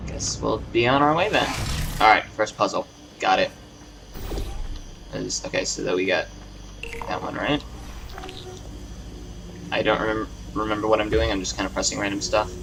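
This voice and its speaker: A low-voiced man chats casually while he plays, rambling and stopping to hunt for words. His voice sits back from the microphone, with a clear layer of noise around it. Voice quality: rambling, hesitant, many fillers. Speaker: gamer playing a video game. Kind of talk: casual gameplay commentary. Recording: distant mic with noise.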